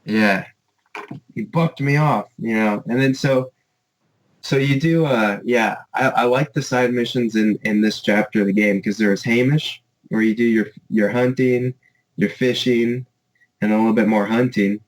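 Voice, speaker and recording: A man's voice: mid-range voice, a little slow, low-quality recording. A man co-hosting a casual podcast, recounting things in a rambling way full of fillers. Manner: rambling, many fillers like "like" and "you know". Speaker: podcast co-host. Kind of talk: casual chat.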